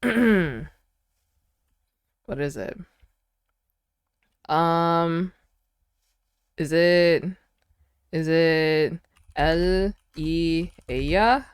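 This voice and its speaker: A woman's voice: low voice, extremely slow, long pauses, clear, resonant tone, dry recording, clean studio sound. A woman streaming casually as she works through a language lesson, chatting playfully and sounding out foreign words aloud. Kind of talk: casual livestream chat during a language lesson.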